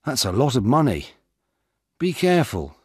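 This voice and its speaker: A man's voice: mid-range voice, sing-song, moderate pace, slightly rough, no room sound, studio quality, pitched above the performer's own voice. A man voicing a sly male thief who acts friendly. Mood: falsely friendly. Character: sly long-haired male thief, adult.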